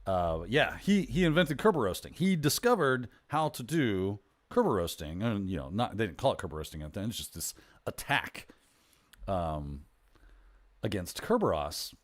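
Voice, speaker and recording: Man, livestream host, casual chat, rambling, self-correcting, animated pitch. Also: moderate pace.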